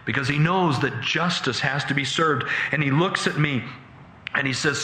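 A man preaching, telling a dramatic story with animated, halting retelling, in an echoey room. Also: medium pitch. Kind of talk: sermon storytelling.

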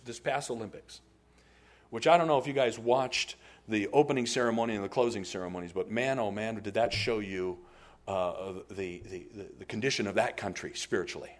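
A man preaching a sermon as a pastor, telling stories in an animated way and laughing often. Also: mid-range voice.

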